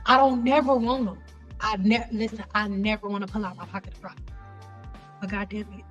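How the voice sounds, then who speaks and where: A young woman hosting a casual livestream chat, talking bluntly and with lots of profanity, telling animated stories. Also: a little high, normal speed, soft background music. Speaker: livestream host.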